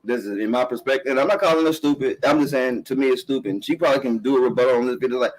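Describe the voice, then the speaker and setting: A man's voice: medium pitch, very fast, low-quality recording. A middle-aged man hosting a live-streamed podcast, ranting bluntly and emphatically, swearing often and repeating himself. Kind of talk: casual profane commentary rant.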